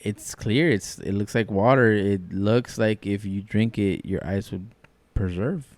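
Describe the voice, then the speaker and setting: Excitable man with a low voice. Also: a little slow, no echo. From Mexican family, from Durango. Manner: excitable, swears freely, loud laughs. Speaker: podcast co-host. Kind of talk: casual podcast banter.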